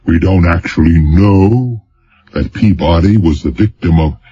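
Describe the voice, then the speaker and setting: A man reading an audiobook, voicing a pompous, outraged governor who speaks weightily with emphatic pauses. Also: low voice, dark tone, breathy edge, dull audio. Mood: blustering.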